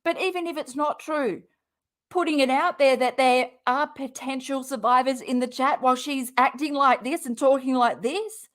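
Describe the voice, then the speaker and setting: Sarcastic, high-voiced woman reacting angrily. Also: normal speed, a bit bright. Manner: sarcastic, swearing, exasperated. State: has a cold. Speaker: reaction streamer. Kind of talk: angry commentary over a clip.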